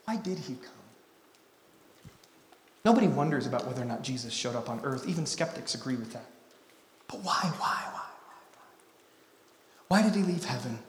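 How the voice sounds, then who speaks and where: A man from Utah preaching a sermon, swinging between hushed, intimate lines and loud, emphatic ones. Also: mid-range voice, expressive, normal speed, pauses often, a little hiss or hum. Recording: echoey hall.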